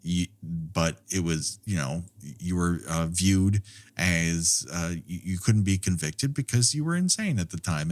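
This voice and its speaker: A man with a low voice that swings widely in pitch, talking casually on a podcast about a film. He goes off on rambling asides, swears freely and laughs often. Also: animated, measured pace. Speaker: podcast co-host.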